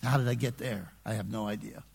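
A man preaching a sermon in a conversational way, dropping to hushed asides and rising to shouted emphasis. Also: lowish voice, fairly even intonation, a little fast, creaky, husky, long reverb tail. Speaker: pastor.

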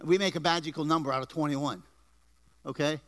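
A man preaching a sermon to a congregation, energetic, with rising emphasis and asides to the people in the pews. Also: a little high, brisk, slight background noise. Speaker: pastor. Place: church before a congregation.

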